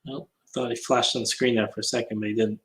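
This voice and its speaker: A man's voice: mid-range voice, flat delivery, fast, fairly bright tone, rough recording. A man on a casual livestream hangout, chatting and reading comments while he works, often muttering to himself.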